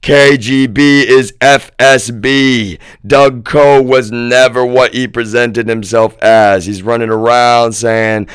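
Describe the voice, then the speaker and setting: Guy ranting on his stream, cussing a lot, keeps saying y'all, clean smooth voice. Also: medium pitch, steady tone, slow, few pauses, no room sound, studio quality. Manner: profane, repetitive, emphatic; keeps addressing listeners as "y'all". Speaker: livestreamer. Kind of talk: ranting livestream monologue.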